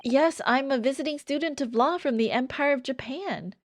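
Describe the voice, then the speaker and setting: A woman's voice: high voice, moderate pace, slight background noise, natural voice. A woman reading an earnest young law student.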